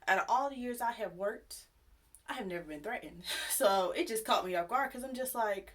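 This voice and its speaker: A young woman telling a personal story to her viewers in a chatty, animated, sassy way. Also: medium pitch, moderate pace. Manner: chatty, animated, sassy retelling with acted quotes. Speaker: YouTube storyteller. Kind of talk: casual storytime vlog.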